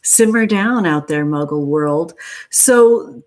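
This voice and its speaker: A woman's voice: lowish voice, lively intonation, slow, darkish tone. A woman hosting a casual livestream, chatting playfully and greeting viewers by name with gushing affection. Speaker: livestream host.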